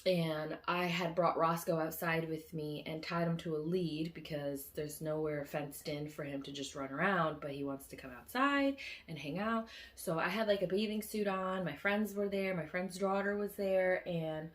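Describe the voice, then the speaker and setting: A woman telling a long dream story in a casual, rambling way, full of fillers and restarts, who loudly acts out her own quoted lines. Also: fairly low pitch, moderate pace, hardly any pauses. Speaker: vlogger recounting a dream.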